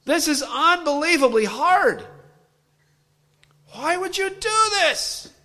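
A man's voice: very high voice, animated, slow pace, bright, forceful tone, pitched above the performer's own voice, exaggerated voice. A preacher voicing a complaining pregnant young woman on a hard journey, whiny and exasperated, in a sermon. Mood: whining.

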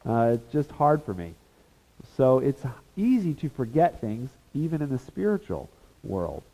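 A man teaching a Bible lesson as a sermon, animated and acting out the voices of people in the story. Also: mid-range voice. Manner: animated, acts out voices of the disciples and Jesus. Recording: reverberant hall.

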